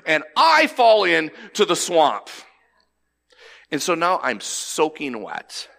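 A man, telling a personal story in a sermon and acting out the lines he quotes. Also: a little high. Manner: animated, acts out quoted lines. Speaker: pastor.

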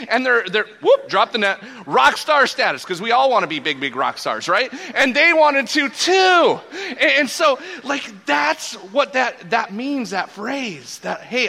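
A man's voice: high-pitched, bright, forceful tone. A man in his forties preaching a sermon as a pastor, casual and joking, often restarting his sentences. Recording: long reverb from a large hall.

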